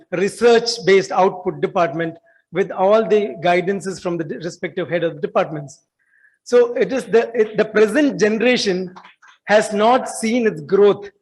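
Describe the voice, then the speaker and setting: A man in his forties with an Indian English accent, giving an earnest welcome speech in an auditorium, halting with fillers and restarts. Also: high voice, rough recording. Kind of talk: formal welcome speech at an alumni meet.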